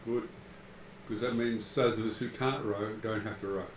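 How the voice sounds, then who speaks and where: A man's voice: lowish voice, steady tone, normal speed. A man playing in a tabletop game, mostly answering with short, agreeable replies. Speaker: player. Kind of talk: casual tabletop play chat.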